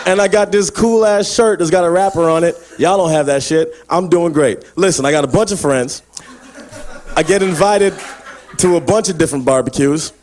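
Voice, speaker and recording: A man's voice: fairly high pitch, normal speed, darkish tone. A man doing a stand-up roast set, boastful and trash-talking, often breaking into laughs. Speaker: roast comic.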